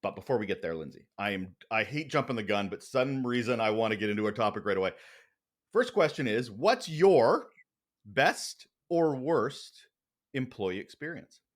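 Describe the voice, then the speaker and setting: Lively, playful male podcast host. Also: on the low side, a little fast. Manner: lively, playful delivery with asides. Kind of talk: podcast interview.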